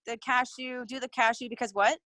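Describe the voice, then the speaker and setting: A woman's voice: a little high, fairly even intonation, fairly quick, a bit bright, dry recording. A woman chatting on a video call, asking questions in a curious, amused way. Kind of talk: casual chat on a video call.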